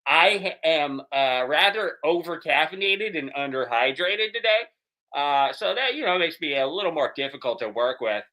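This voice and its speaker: A man's voice: on the high side, animated, normal speed, bright, forceful tone. A man voicing an apologetic mission-control officer in an improvised comedy scene, hesitating often. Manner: hesitant, many "uh" fillers.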